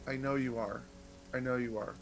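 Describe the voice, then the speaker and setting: An earnest, plain-spoken sibling who keeps pressing the point, as a man plays it. The voice sits in an ordinary middle pitch, with faint music and rain behind. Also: steady tone, brisk, lightly acted. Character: earnest, steady sibling sent by Mom. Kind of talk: live tabletop role-play.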